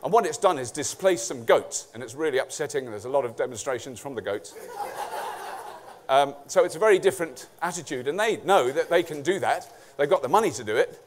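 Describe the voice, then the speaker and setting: A man's voice: a little high, animated, brisk. A middle-aged man from England giving a comic conference talk, sweary, jokey and sarcastic. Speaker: conference speaker.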